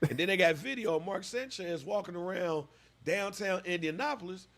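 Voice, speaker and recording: A man's voice: high voice, normal speed, a bit bright. A man in his thirties, a podcast co-host, telling a story with lots of animation and acting out voices in casual chat.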